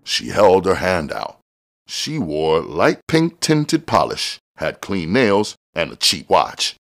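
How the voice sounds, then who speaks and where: A man's voice: deep voice, wildly swooping pitch, slow, gravelly. A man reading a novel aloud in first person, telling the story expressively with casual swearing. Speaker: audiobook reader.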